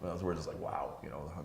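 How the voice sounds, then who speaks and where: A man's voice: sits low, darkish tone. A man hosting a casual talk show in a pub, telling rambling stories full of restarts. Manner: rambling, many fillers and restarts. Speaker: host. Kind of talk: casual bar chat. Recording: roomy pub recording.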